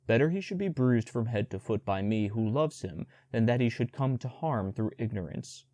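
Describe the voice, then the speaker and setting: A man voicing a gruff old male bear who is a stern teacher, reading a storybook audiobook in a slow, earnest, lecturing way. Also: medium pitch, lively intonation, dark tone, lightly acted.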